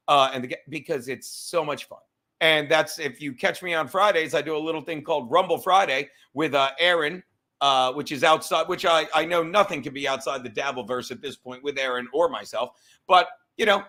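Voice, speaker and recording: Livestream host, male, high and bright, profane rambling rant, easily sidetracked.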